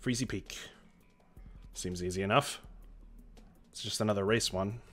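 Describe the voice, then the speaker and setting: A man streaming a video game live, reacting excitably and chatting to his viewers. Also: fairly low pitch, measured pace, soft background music. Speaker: Twitch streamer.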